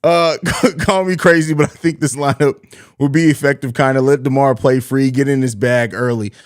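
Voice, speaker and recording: A man's voice: medium pitch, fairly even intonation, normal speed. A man hosting a live pregame sports stream, bantering in slang and laughing often. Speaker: podcast host.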